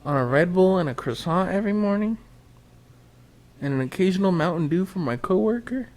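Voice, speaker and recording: Casting: man, podcast co-host, casual banter, quick to laugh, cusses freely. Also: high-pitched, lively intonation, darkish tone. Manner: laughs often, swears freely.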